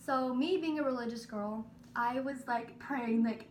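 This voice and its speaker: A young woman telling a funny personal story in a vlog, animated and full of fillers. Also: a little high, measured pace. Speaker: vlogger. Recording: roomy, a little distant from the mic, faint hiss.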